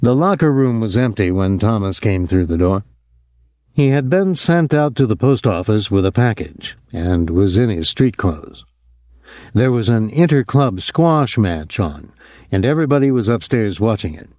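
A man reading a novel aloud in steady audiobook narration on a close mic. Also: lowish voice, moderate pace, no room sound.

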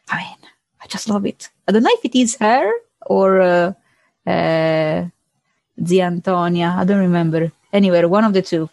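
A woman's voice: fairly low pitch, normal speed, vocal fry, a little mellow, no echo. A woman, a guest on a podcast, talking chattily with hesitant restarts and fillers. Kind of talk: casual conversation.

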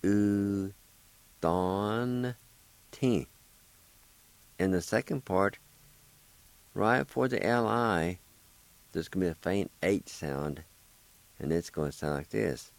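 A man's voice: low voice, a little slow, gravelly, pauses often, dry recording, rough recording. A man hosting a radio language lesson. He patiently spells words out letter by letter, repeats each one, and encourages his listeners. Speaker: language teacher and radio host.

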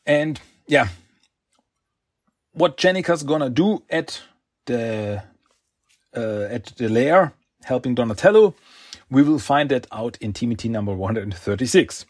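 A man's voice: medium pitch, lively intonation, a little slow, pauses often, no room sound, clean studio sound. A man casually recapping a comic book story, rambling along with restarts, second-guessing himself and chuckling.

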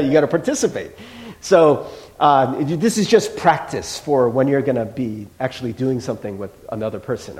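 A man's voice: mid-range voice, darkish tone. A man preaching a sermon as pastor, chatty and playful, acting out little dialogues with the congregation.

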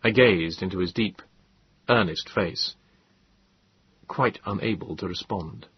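A man narrating an audiobook in a husky voice, measured and reflective. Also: low voice, dry recording. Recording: dull lo-fi dry audiobook.

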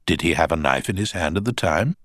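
A cool trial barrister, read by a male narrator pressing a witness with measured, pointed questions. The voice sits low but moves a good deal in pitch. The recording is dry and close. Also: expressive, a bit bright, no echo. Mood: probing. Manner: measured, pointed cross-examining. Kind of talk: audiobook character voice.

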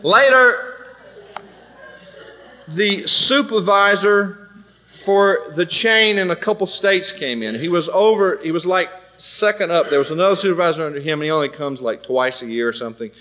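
A man preaching with an animated storytelling manner, acting out other people's voices. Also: high voice, moderate pace, a little hiss or hum. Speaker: preacher telling a testimony. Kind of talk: storytelling sermon.

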